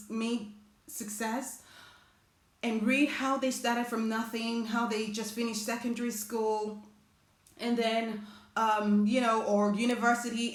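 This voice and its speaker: A woman hosting a live motivational talk, chatting with her viewers and reading their comments. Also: on the high side. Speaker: host of a live motivational stream. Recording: echoey room.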